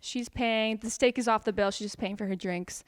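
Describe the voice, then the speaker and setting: A woman's voice: a little high, fairly even intonation, moderate pace, smooth, dry recording, studio quality. A young adult woman giving a satirical TED-style talk as a student presenter, sarcastic and mock-dramatic, laughing often.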